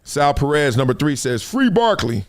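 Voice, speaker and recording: A man's voice: on the high side, moderate pace. A man hosting a live sports talk stream, telling stories with laughs and lots of energy. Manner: animated, laughing, storytelling. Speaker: host.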